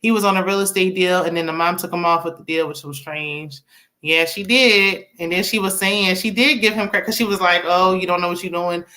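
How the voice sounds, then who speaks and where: A young woman, casually recapping a movie with laughs and quick asides. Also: fairly low pitch. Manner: chatty, animated retelling with laughs and acted-out quotes. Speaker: movie review host.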